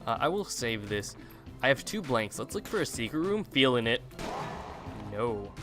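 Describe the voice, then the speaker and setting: A talkative man in the middle of his voice range, chatting freely as he plays through a video game and narrating each move. Clear game music and gunfire play behind him. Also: medium pitch, big pitch swings, moderate pace. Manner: chatty, rambling talker. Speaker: let's play host. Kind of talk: live gameplay commentary.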